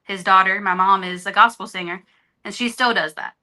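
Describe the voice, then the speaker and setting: A woman's voice: mid-range voice, fairly even intonation, a little fast, sharp tone. A woman guest on a podcast, speaking earnestly and openly in candid conversation. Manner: earnest, openhearted storytelling. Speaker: interview guest.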